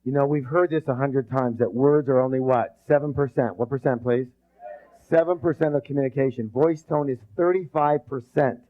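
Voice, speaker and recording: A man's voice: medium pitch, normal speed. A man leading a live leadership seminar. He drills the room with call-and-response and often restarts his sentences. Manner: rambling restarts. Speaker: leadership trainer. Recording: dull lo-fi recording.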